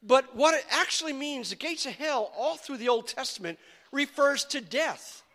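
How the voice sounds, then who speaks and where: Man, pastor, sermon, high voice, stammering repeats. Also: moderate pace. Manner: animated, stammering repeats of words.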